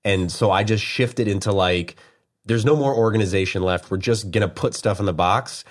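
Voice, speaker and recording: A man talking casually on a podcast in a low voice. He talks in halting bursts and jokes at his own expense. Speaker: podcast guest, comedy screenwriter. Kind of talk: casual chat.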